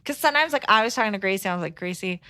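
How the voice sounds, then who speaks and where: A woman's voice: on the high side, animated, rapid-fire, sharp tone, dry recording. A woman co-hosting a podcast, chatty and giggly, reading out listener questions. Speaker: podcast co-host. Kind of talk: casual chat, reading listener letters.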